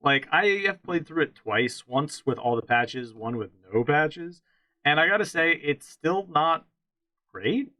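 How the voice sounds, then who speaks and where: A man's voice: fairly high pitch, lively intonation, measured pace, bright, forceful tone, no room sound, rough recording. A man co-hosting a casual podcast, chatting about games with strong opinions and frequent restarts. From central Pennsylvania. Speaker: podcast co-host.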